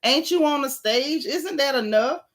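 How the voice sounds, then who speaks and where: A sassy woman with a Southern drawl runs a livestream gossip show, hammering her points home by saying them twice. Her voice sits a little high and rings bright and forceful. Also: lively intonation, moderate pace. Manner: sassy, emphatic, repeats lines for effect. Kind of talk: casual livestream gossip commentary.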